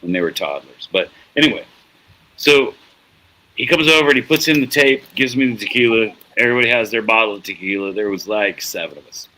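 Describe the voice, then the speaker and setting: A man's voice: fairly low pitch, brisk, sharp tone, poor audio. A middle-aged man hosting a casual chat, rambling and profane as he tells a story, often laughing at himself. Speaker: show host.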